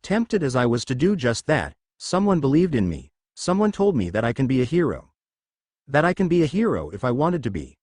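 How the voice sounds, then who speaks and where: A man's voice: medium pitch, sing-song, a little fast, darkish tone, no room sound, studio quality. A man voicing an earnest teenage boy hero delivering a heartfelt pledge speech in a fan-fiction reading.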